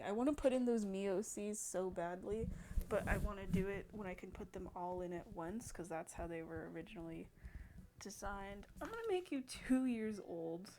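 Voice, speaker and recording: A woman's voice: medium pitch, animated, moderate pace, noisy background. A woman giving casual gameplay commentary, thinking aloud and hesitating as she sets up a character. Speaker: gaming video creator.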